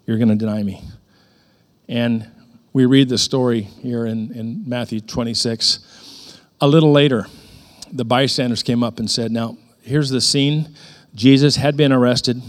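A man's voice: medium pitch, fairly even intonation, measured pace. This is a middle-aged man preaching a sermon, speaking in a conversational storytelling tone. He talks as if chatting with his congregation, then suddenly lifts his voice to stress key words. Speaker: pastor.

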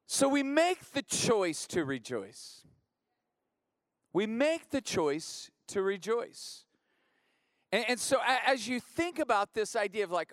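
A pastor preaching a conversational sermon in church, repeating phrases and building rhythmic refrains. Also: male voice, high-pitched, sing-song, slow, a bit bright, dry recording, clean studio sound.

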